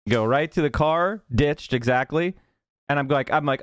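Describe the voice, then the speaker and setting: Man swearing through an animated story. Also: a little high, normal speed, no room sound, studio quality. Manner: swearing, animated, acts out quotes. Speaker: streamer telling a story. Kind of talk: casual storytelling to chat.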